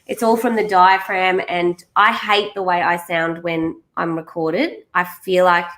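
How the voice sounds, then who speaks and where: A woman's voice: on the low side, little pitch movement, unhurried, fairly bright tone, poor audio. An Australian woman hosting a podcast, bubbly and enthusiastic in casual chat. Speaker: podcast host.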